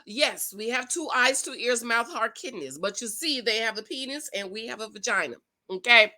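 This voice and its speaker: A woman's voice: on the high side, animated, normal speed, pushed and bright. A woman hosting her own dating-advice show, talking straight to her viewers in a sassy, preachy, casual way. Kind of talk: casual reaction commentary.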